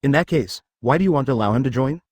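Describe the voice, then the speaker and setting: Man voicing a confident young martial artist, sly and brisk, animated delivery. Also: mid-range voice, no room sound, clean studio sound, lightly acted.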